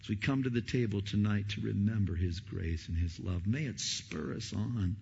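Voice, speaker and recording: A middle-aged male pastor preaching a sermon, swinging from loud emphatic peaks down to hushed whispers. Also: low voice, vocal fry, slightly rough, dull audio.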